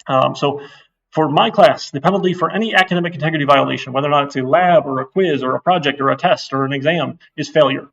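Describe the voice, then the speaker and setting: A man's voice: a little high, fast talker, vocal fry, fairly bright tone, distant mic, lo-fi sound. A middle-aged man giving a casual, blunt course intro lecture to a class, getting worked up as he talks. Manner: blunt, chatty, gets worked up. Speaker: university instructor.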